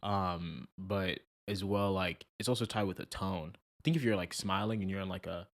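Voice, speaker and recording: A young man co-hosting a podcast, talking in an animated, chatty way with many fillers. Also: deep voice, normal speed. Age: young adult. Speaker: podcast co-host. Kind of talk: casual chat.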